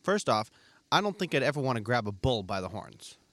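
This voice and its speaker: A man's voice: medium pitch, big pitch swings, a little fast, a bit bright, dry recording. A man co-hosting a podcast in casual chat, making wry jokes. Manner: wry, joking. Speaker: podcast co-host.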